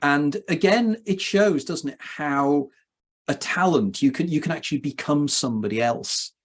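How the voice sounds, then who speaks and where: A man's voice: fairly high pitch, lively intonation, moderate pace. Inquisitive man prompting his guest. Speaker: co-host, author. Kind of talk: casual conversation.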